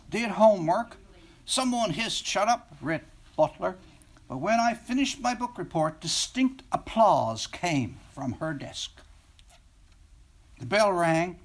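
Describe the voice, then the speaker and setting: Lively, expressive male author reading aloud. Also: high voice. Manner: expressive, wistful storytelling. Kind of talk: reading aloud from his own novel. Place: library.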